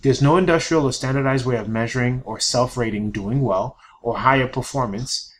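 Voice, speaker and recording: A man's voice: medium pitch, moderate pace, slight background noise. A man presenting a productivity webinar in a casual lecturing style, peppered with "you know" and "right?". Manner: chatty, fillers and tag questions.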